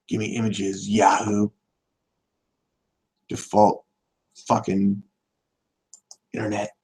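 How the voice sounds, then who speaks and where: A man hosting a live political podcast, ranting and swearing, bursting into loud shouts now and then. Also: mid-range voice, measured pace, long pauses.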